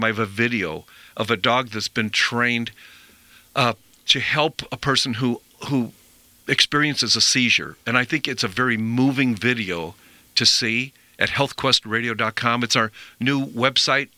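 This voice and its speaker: Bright-voiced male radio host, dry studio sound. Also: medium pitch, a little slow, dry recording. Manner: rambling, earnest, repeats himself. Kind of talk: conversational health talk.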